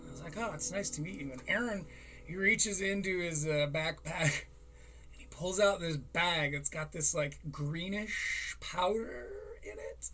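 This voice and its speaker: A man's voice: on the high side, measured pace, bright, forceful tone, soft background music. A man hosting a podcast, telling a story in a casual, profane way and often laughing between lines. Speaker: podcast host.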